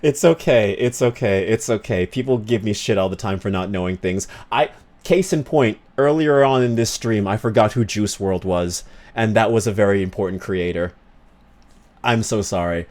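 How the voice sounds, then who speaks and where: A man who streams and does voice acting, chatting casually with his live chat, animated and laughing often as he reads and answers messages. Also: on the low side, normal speed. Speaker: streamer and voice actor.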